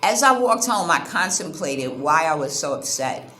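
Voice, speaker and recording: A woman from the United States telling a story to camera as a vlogger, animated and indignant, acting out the back-and-forth of an argument. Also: low voice, moderate pace, a little hiss or hum. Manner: animated, indignant retelling with quoted exchanges. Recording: roomy sound with faint ambience.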